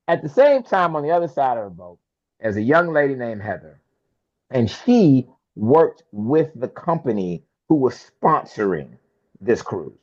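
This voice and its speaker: A man telling a personal story as an interview guest, lively and casual, acting out the lines of the people in it. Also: fairly high pitch, normal speed, lo-fi sound. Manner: lively storyteller who acts out quoted dialogue. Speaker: interview guest, film producer. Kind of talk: animated storytelling in a podcast interview.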